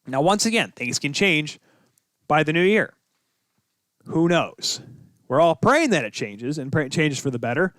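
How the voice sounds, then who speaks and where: A man's voice: on the high side, very animated, unhurried, long pauses, a bit bright, no room sound, studio quality. A young man hosting a sports podcast, talking solo in a rambling way, thinking aloud, his voice jumping up when he gets worked up. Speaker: podcast host.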